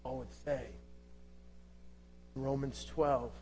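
A man preaching an impassioned sermon, asking rhetorical questions and swinging between loud and hushed delivery. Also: mid-range voice, fairly even intonation, slow pace, pauses often, slight background noise. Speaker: pastor.

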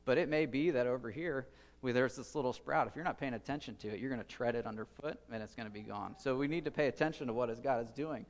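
A man preaches to his congregation in a relaxed, conversational way, pausing with fillers and circling back on his words as he thinks aloud. His voice sits at an ordinary middle pitch. The sound carries the long reverb of a church hall. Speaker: pastor. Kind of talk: sermon.

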